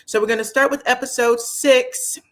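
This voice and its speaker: A woman's voice: a little high, normal speed. Chatty woman hosting a live review. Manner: chatty, animated, laughs often. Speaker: reality TV review host. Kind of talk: casual live-stream chat.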